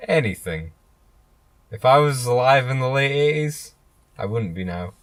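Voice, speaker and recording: A young man trading dry, deadpan jokes in a late-night chat in a van. His voice sits in a middle pitch, and the sound is close and dry. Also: a little slow, dry recording. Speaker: podcast co-host. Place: inside a van.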